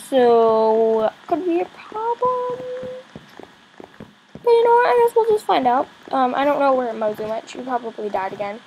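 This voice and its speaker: A female gaming YouTuber chatting excitedly as she plays, often squealing and shouting at the game. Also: high voice, slight background noise, poor audio. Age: young girl per page; adult voice unsure. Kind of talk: game commentary.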